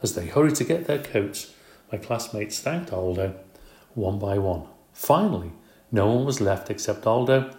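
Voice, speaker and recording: A man reading a children's storybook aloud in an expressive, brisk way. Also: on the low side. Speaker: audiobook narrator. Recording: roomy echo.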